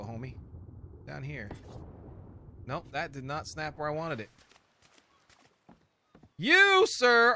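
A man's voice: mid-range voice, fairly bright tone. A man giving casual let's-play commentary, chatty and self-mocking, talking to the pieces he builds. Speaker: gaming streamer.

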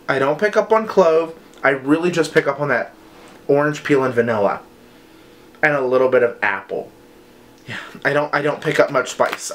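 Chatty enthusiastic man reviewing scents. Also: medium pitch. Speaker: vlogger reviewing wax melts. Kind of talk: casual haul review.

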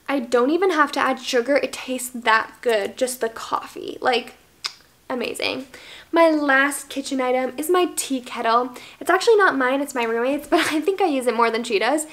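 A young woman in her early twenties from the United States, chatting to her camera at home. Her voice sits high, and her talk is bubbly and gushing, full of "like" and little fillers. The sound comes from the camera's own microphone. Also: a bit bright. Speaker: vlogger. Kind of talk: casual favorites vlog.

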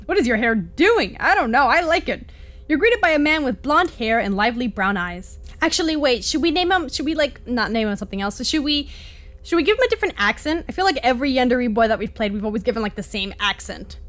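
A woman playing a visual novel aloud, reading the story and reacting in an excitable, dramatic, jokey way. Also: high-pitched, fast talker. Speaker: game streamer.

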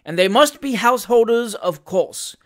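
A blustering male magistrate, loud, higher-pitched and puffed up with self-importance, as an audiobook reader puts him on. He snaps his orders peremptorily and turns pettish when he loses his thread. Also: expressive, a little fast, close to an everyday voice. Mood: pompous bluster. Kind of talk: audiobook character voice.

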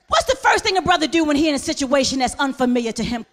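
Loud, high-voiced woman doing stand-up. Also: racing, few pauses, in a large hall. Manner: loud, animated, talks straight to the crowd. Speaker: stand-up comedian. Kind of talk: stand-up comedy set. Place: comedy stage before a live audience. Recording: live crowd and room noise.

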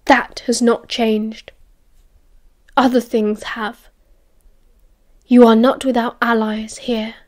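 A scornful young werewolf, male, who leans close and hisses his plans in a hushed, urgent whisper, as a woman reads him. He sounds sly and superior, slowed to a deliberate crawl on his sharpest lines. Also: on the high side, flat delivery.

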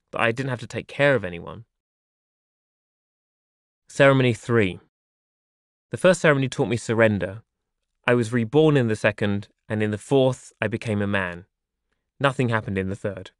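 A man reading his memoir aloud in a soft, wry, reflective way. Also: mid-range voice, no room sound, studio quality. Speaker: audiobook narrator.

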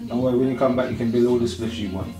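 A man's voice: mid-range voice, steady tone, racing, close to an everyday voice. A man acting in a drama, talking laid-back street slang. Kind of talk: acted casual party chat. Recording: echoey room over loud music.

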